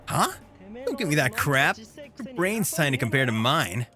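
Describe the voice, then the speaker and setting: A man voicing a brash, lazy teenage boy who talks rough and blunt. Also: fairly high pitch, very animated, measured pace, music in the background. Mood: indignant.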